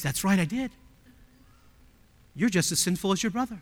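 A male pastor preaching a sermon emphatically, with many rhetorical questions, swinging from loud appeals to hushed tones. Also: very high-pitched, big pitch swings, a little fast, big-room sound.

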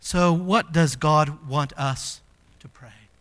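Male pastor, high voice, sermon delivery, emphatic with sharp swings from hushed to loud. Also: slow pace.

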